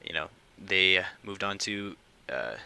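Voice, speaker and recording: A young man hosting his own casual podcast, talking quietly and hesitantly at home late at night, with many fillers. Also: low voice, lively intonation, measured pace, creaky, smooth, low-quality recording. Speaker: podcast host. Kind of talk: casual solo podcast talk.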